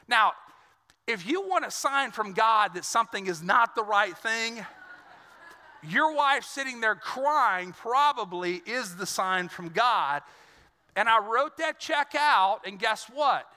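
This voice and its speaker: A man's voice: high voice, expressive, measured pace, sharp tone, long reverb tail. A male pastor preaching a sermon in an earnest, conversational way, often repeating words as he goes.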